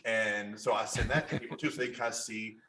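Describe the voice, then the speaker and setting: A man's voice: lowish voice, fast talker, a little hiss or hum. A man from Kentucky with a Kentucky accent, a photographer telling stories as a podcast guest, restarting sentences and acting out what people said. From Kentucky, USA. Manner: animated storyteller, restarts often, acts out quotes. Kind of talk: casual interview chat.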